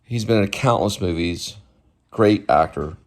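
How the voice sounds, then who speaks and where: A man's voice: low voice, unhurried. A man vlogging at home, casually rambling about a movie, drifting off topic and groping for actors' names. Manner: rambling, digressive, gropes for names. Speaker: vlogger host. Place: at home near a TV.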